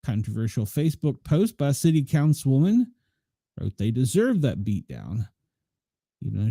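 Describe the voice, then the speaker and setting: A man's voice: medium pitch, mellow, no room sound, studio quality. A man hosting a news show, reading stories aloud and breaking in with blunt, opinionated asides. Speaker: news commentary host.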